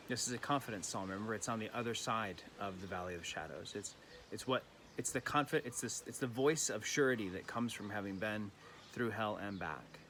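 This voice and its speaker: Low-voiced pastor guy doing a soft evening devotion, thoughtful, bit of birdsong in the background. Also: slight background noise. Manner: gentle, reflective, with restarts. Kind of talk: evening prayer reflection. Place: home in lockdown.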